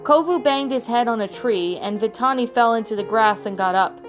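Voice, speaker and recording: A woman reading her own fan fiction story aloud as narrator, in a plain, even read-aloud manner with small slips. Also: on the high side, moderate pace. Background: soft background music.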